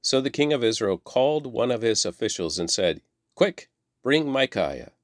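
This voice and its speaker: A man reading a Bible passage aloud in a measured, plain way, lifting his voice for quoted lines. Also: mid-range voice, lively intonation, no echo, studio quality. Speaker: Bible reader. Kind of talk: scripture reading.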